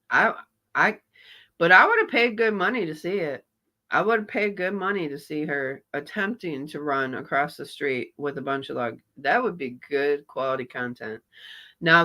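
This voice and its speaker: A man's voice: a little high, sharp tone. A man doing live reaction commentary on a clip, mocking and sarcastic, greeting viewers in chat. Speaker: reaction streamer.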